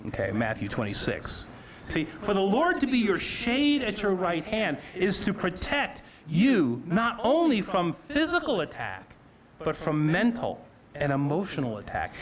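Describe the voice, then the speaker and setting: Lively, high-voiced preacher with a congregation. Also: male voice. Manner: earnest, emphatic, repeats and restarts phrases. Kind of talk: sermon.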